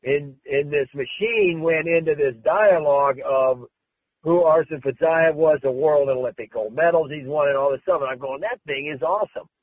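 A man's voice: fairly high pitch, moderate pace, breathy edge, no echo. A male American wrestling coach answering questions, emphatic and repetitive, with many restarts. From United States. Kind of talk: press interview. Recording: tinny phone-like sound.

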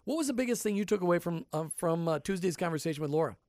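A man's voice: high voice, lively intonation, racing, a little mellow, no echo. A man co-hosting a faith and business radio show, joking and rambling in casual studio chat. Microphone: studio microphone.

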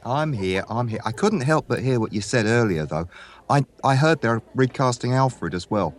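A man's voice: medium pitch, expressive, moderate pace, close to an everyday voice. A man voicing a playful male barista who jokes with the hosts. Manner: playful, teasing.

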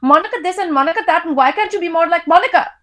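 A woman's voice: rapid-fire, fairly bright tone. A woman voicing a furious, drunk middle-aged Indian mother who screams in an Indian accent. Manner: shrill, screaming.

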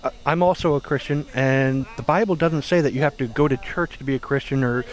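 A man's voice: medium pitch, a little fast, low-quality recording. A man bluntly questioning a young woman about her faith, stammering slightly. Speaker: street questioner. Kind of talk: challenging religious questioning.

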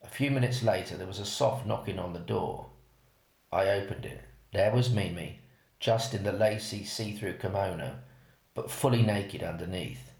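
A man, reading a first-person story aloud in an unhurried way. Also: low voice, creaky, a little mellow. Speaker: narrator. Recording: roomy echo.

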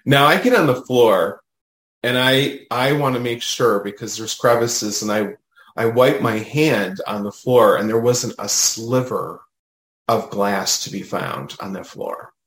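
A man, a guest medium, telling a personal story in a casual, animated way, often adding "you know" and "right?". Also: medium pitch, measured pace, reverberant.

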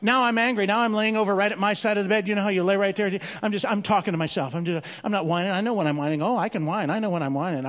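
High-voiced man doing stand-up in a church. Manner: animated, drawn-out comic delivery. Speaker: comedian. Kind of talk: stand-up storytelling. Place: church hall. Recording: long reverb of a large hall.

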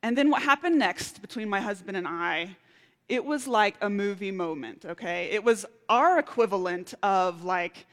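A woman preaching a sermon, telling a personal story with lively, animated outbursts. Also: medium pitch, moderate pace. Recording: reverberant hall.

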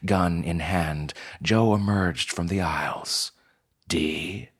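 Male narrator, deep and husky, measured unhurried read. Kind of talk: scripted narration.

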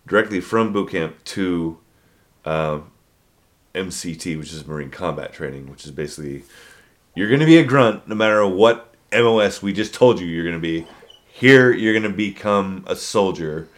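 A man in his forties, a podcast co-host, telling military stories in casual chat, swearing freely and acting out shouted drill instructor lines. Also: low-pitched, lively intonation, moderate pace. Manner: storytelling, acts out drill instructors loudly.

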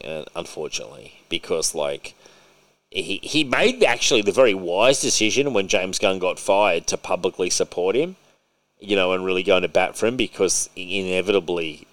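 A man hosting a podcast in casual chat, excitable and opinionated, swearing freely. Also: low voice. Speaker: podcast host. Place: podcast recording.

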